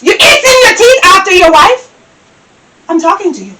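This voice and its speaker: A woman acting as a domineering Jamaican lady of the house who barks orders and hurls insults, her voice high and swinging wildly up and down. The recording carries loud, constant background noise. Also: lively intonation, normal speed. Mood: scolding. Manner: scolding, shouting, scornful. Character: bossy, scornful wife and lady of the house. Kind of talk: comedy skit acting.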